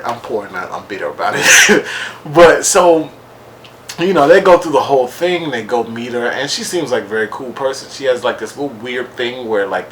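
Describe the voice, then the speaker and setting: A man's voice: mid-range voice, fairly bright tone, a little hiss or hum. A man giving a casual solo recap of a reality show, rambling and sarcastic, full of asides. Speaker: podcast reviewer.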